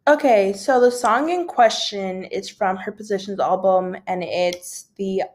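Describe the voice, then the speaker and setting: A woman's voice: mid-range voice, unhurried, darkish tone, a little hiss or hum. Young woman host, casual rambling gossip chat, filler-heavy. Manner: rambling, filler-heavy, yawns now and then.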